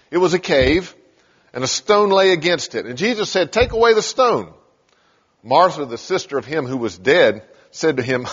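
A man's voice: on the high side, husky. A man preaching a sermon, telling scripture stories and acting out the lines. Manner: storytelling, acting out scripture scenes. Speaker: pastor. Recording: dull sound in a large reverberant hall.

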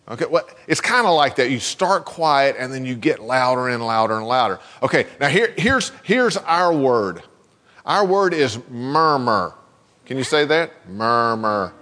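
A man's voice: a little high, a bit bright, long reverb tail. A man giving a children's sermon in a church, playful and teasing as he coaxes the kids with questions. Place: church sanctuary.

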